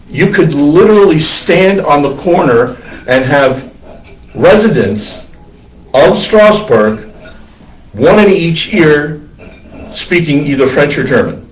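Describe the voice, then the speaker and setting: A priest lecturing on church history in a classroom, wandering into digressions with many ums and uhs. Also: male voice, on the high side. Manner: discursive, digressive with many fillers. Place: classroom with students. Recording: roomy classroom from far off.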